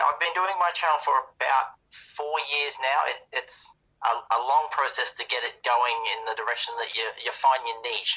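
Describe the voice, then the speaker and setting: A man's voice: medium pitch, sharp tone, poor audio. A man talking as a guest on a podcast in casual chat, in a matter-of-fact, informative way, heard over a remote call.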